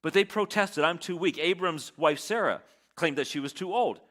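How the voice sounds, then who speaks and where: A man's voice: fairly high pitch, moderate pace, fairly bright tone. A man preaching a sermon as pastor, dramatically acting out quoted lines of self-doubt.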